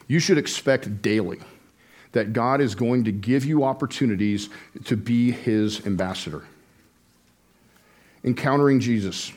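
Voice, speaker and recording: A man's voice: mid-range voice, a little mellow. A middle-aged man, a former Navy man, preaching a sermon and telling a story in a conversational way, with frequent fillers and restarts. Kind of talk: sermon testimony.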